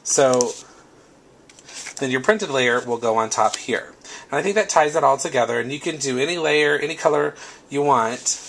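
A man's voice: mid-range voice, moderate pace, fairly bright tone, slight background noise. A man hosting a casual craft tutorial, explaining step by step while recovering from a cold. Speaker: craft video host.

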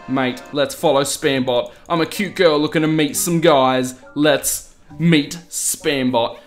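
Man, gaming commentary, casual and crude, joking, mock-dramatic readings, mid-pitched voice, clacking keyboard near the mic. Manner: jokey and profane, reads tweets aloud in mock-dramatic bursts. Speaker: gaming YouTuber. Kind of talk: casual let's-play commentary. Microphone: desk mic beside a loud mechanical keyboard.

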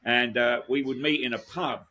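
A man's voice: medium pitch, steady tone, normal speed, sharp tone. A man, a guest musician telling rambling stories in a casual interview, full of restarts and asides.

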